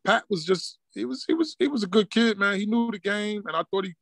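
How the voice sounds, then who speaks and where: A middle-aged man from Newark, a basketball coach telling stories in a relaxed street style and acting out what people said. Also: high-pitched, brisk, vocal fry, no room sound. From Newark, New Jersey. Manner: laid-back street talk, acts out quoted dialogue. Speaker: high school basketball coach, guest. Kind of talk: casual storytelling interview.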